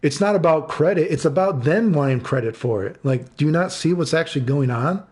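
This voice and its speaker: A man's voice: fairly high pitch, a little fast, darkish tone. A man in his thirties streaming live, ranting angrily and swearing, repeating himself and answering chat. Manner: angry, profane, repeats himself.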